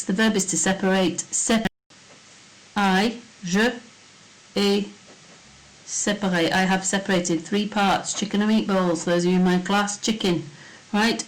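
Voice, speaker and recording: A woman's voice: mid-range voice, low-quality recording. A woman French teacher, going over test answers in a recorded lesson and breaking each sentence into small steps. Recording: faint hiss.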